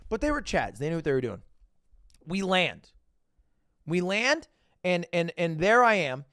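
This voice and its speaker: A young man livestreaming, casually telling a story to his chat, swinging between loud bursts and low asides and acting out the dialogue. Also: big pitch swings, fast talker, no room sound, clean studio sound. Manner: acts out quoted dialogue.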